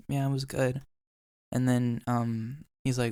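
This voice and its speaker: A man's voice: mid-range voice, level tone, normal speed, mellow, clean tone, no room sound, studio quality. A young man hosting a podcast, telling an emotional story in casual chat and swearing now and then. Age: young adult. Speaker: podcast host.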